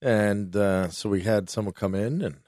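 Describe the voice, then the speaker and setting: Rambling low-voiced male radio co-host. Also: normal speed, a little mellow, dry recording, studio quality. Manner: rambling, fumbles for words. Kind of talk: casual storytelling on radio. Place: radio studio.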